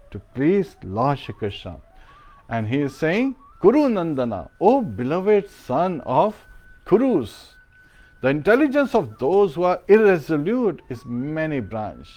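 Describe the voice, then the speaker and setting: A man's voice: on the high side, darkish tone. A man giving a devotional sermon as a spiritual teacher, chanting verses and mantras and telling a parable.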